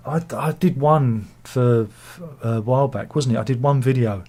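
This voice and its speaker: British man, home vlogger; husky mid-pitched voice; rambling, self-mocking comment-reading chat. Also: moderate pace, darkish tone. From Britain. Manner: rambling, joking, self-deprecating. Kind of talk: casual chat. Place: cold room at home.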